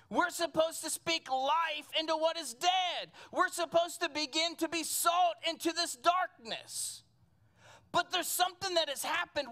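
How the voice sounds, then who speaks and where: A preacher with a high voice delivers an impassioned sermon, repeating phrases and restarting sentences as the thoughts pour out. The voice sits above the usual range for a speaker and carries through a church sanctuary with only a small congregation present. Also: bright, forceful tone. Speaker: pastor.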